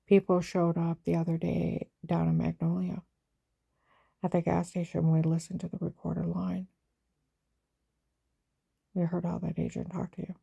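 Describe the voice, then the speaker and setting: Gravelly, husky woman telling her story. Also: fairly low pitch, flat delivery, normal speed, pauses often, mellow, dry recording. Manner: agitated, rambling retelling that acts out others' lines. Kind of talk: personal spoken account.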